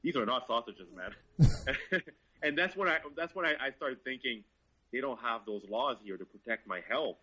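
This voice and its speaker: Laughing and cursing through animated anecdotes, a French-speaking man from Quebec chats casually as a guest car reviewer. He speaks at normal speed in a medium-pitched voice, over poor audio with a little hiss or hum.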